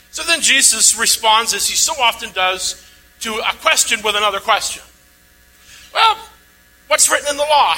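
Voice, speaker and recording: A man's voice: high voice, pushed and bright. A man preaching a sermon, reading a scripture passage aloud and then explaining it with rising emphasis. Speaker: pastor. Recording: long hall reverb, faint noise.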